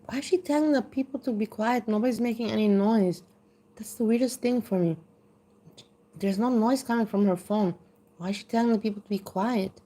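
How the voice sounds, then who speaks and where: A woman's voice: a little high, fairly quick, warm tone. A woman host giving casual, bemused commentary on a video and asking puzzled questions.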